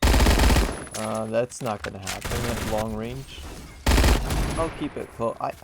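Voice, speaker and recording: A man's voice: fairly low pitch, slow pace, creaky, very noisy. A man giving a jokey, sarcastic game review commentary over gameplay. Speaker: gaming channel host.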